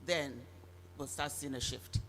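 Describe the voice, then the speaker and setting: A man's voice: medium pitch, fairly even intonation, measured pace, a bit bright. A man giving a firm, direct answer from the audience. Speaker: audience member. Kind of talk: spontaneous remarks. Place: event hall.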